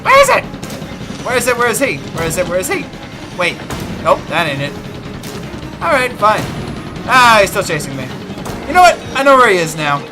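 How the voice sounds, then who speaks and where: A man's voice: sits high, big pitch swings, a little fast, long pauses. A man commentating a horror game, muttering and swearing nervously to himself. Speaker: let's play gamer. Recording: game music behind voice.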